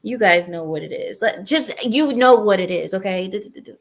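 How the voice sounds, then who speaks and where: A woman's voice: mid-range voice, normal speed, few pauses. A woman from outside America hosting a channel, ranting in casual commentary and speaking straight to her viewers. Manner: animated, ranting, asides to viewers. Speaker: channel host.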